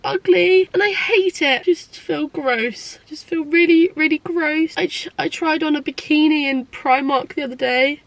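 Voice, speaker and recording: A woman's voice: high-pitched, a little slow, vocal fry, few pauses, no room sound. A young British woman from England rambling candidly to camera in a confessional vlog, swearing freely and filling her talk with likes and ums, tearful at times. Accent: British English. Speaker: vlogger.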